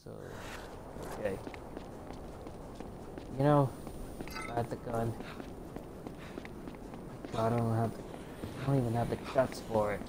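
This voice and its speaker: Slow-talking frustrated gamer, loud game behind. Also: male voice, mid-range voice, fairly even intonation, background noise. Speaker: gameplay commentator. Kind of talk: let's play commentary.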